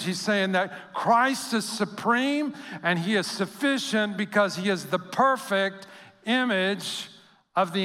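A man preaching a sermon as pastor, telling stories with animated quoted voices and dropping soft for emphasis. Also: high-pitched, long reverb tail.

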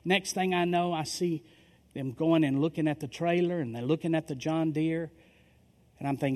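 A middle-aged man preaches from the pulpit, spinning a story and voicing each person in it. His voice sits a little high for a man. The sound carries the long echo of a big church hall. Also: normal speed. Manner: animated storyteller acting out quoted dialogue. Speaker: pastor. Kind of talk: sermon storytelling. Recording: long reverb of a large hall.

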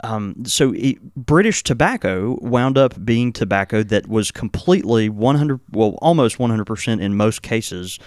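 A man's voice: on the low side, expressive, no room sound, clean studio sound. A man hosting a casual podcast, explaining at length with frequent fillers and restarts, and chuckling often. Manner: halting, many fillers and restarts. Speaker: podcast host.

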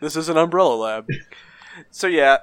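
A man's voice: fairly high pitch, lively intonation, moderate pace, smooth, no echo. A man hosting a casual podcast, recapping the episode and steering the talk. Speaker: podcast host. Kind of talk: casual chat.

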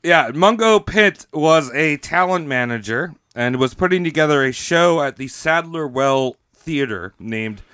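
A man's voice: fairly high pitch, animated, unhurried, hardly any pauses, fairly bright tone, clean tone, no echo, studio quality. A man retelling history as comedy on a podcast, joking and laughing through his story.

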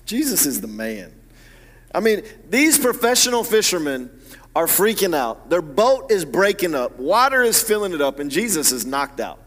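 High, bright-voiced preacher in a reverberant hall. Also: male voice, normal speed. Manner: animated preaching with big swings from hushed to loud. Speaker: pastor. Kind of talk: sermon.

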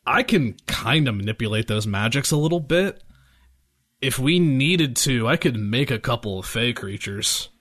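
A man speaks as a player in a tabletop game, casual and a little hesitant. His voice is mid-pitched and plain. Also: animated, normal speed, a bit bright.

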